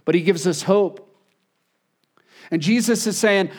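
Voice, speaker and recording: Male pastor, high-pitched, earnest sermon delivery, repeats lines and goes quiet to land a point. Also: unhurried. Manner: earnest, repeats words, drops soft for emphasis.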